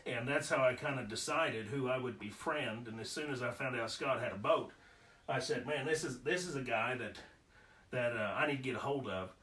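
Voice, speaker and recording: A man's voice: medium pitch, moderate pace, sharp tone. A man telling personal stories in a casual, folksy way, with homespun humor. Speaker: storyteller. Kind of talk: casual spoken storytelling.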